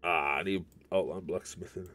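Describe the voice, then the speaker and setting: A man's voice: low voice, steady tone, normal speed, bright, forceful tone. A man streaming a video game, chatting in a rambling, casual way to viewers as he plays. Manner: rambling, chatty, talks to viewers while playing. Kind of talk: casual gameplay commentary.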